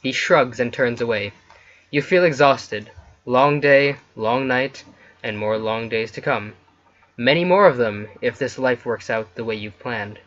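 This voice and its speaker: A man's voice: mid-range voice, a bit bright, muffled recording. A man hosting a let's play, reading interactive fiction aloud between casual chat with his co-player. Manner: reads story text then chats casually.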